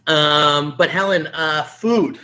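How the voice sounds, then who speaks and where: A man's voice: on the high side, slow, sharp tone. A man co-hosting a casual podcast chat, talking loosely and profanely, with stumbling restarts. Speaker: podcast co-host. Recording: faint background noise.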